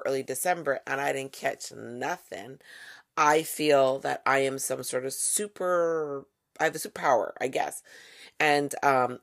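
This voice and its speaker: A woman hosting a podcast, talking in a casual, wry monologue with playful asides. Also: a bass voice. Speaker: podcast host.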